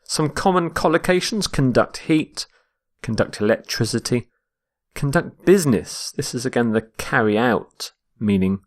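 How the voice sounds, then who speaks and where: A man teaches English vocabulary at a slow, unhurried pace. He speaks deliberately and repeats each word to model its stress, in a voice of ordinary middle pitch. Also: animated. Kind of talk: vocabulary lesson.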